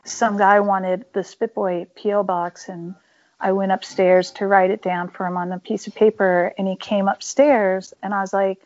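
A woman with a mid-pitched voice tells her stories in a casual interview, candid and emphatic, with plenty of fillers. The audio is a bit dull and lo-fi. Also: little pitch movement, normal speed, darkish tone. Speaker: punk band musician, interview guest.

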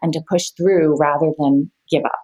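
A woman's voice: low voice, steady tone, moderate pace, warm tone. Woman host asking probing questions. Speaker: podcast host. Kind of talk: interview questions.

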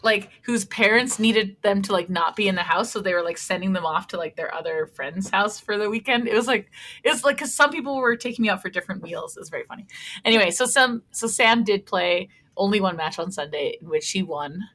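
Woman, bright voice, chatty storytelling, casual podcast chat. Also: medium pitch, fairly quick. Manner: chatty storyteller, laughs often. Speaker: podcast co-host.

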